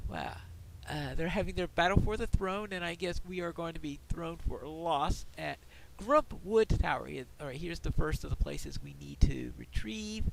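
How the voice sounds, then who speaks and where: A man's voice: high-pitched, creaky, a bit bright, a little hiss or hum. A man giving casual gameplay commentary, chatting and explaining the game mechanics as he plays.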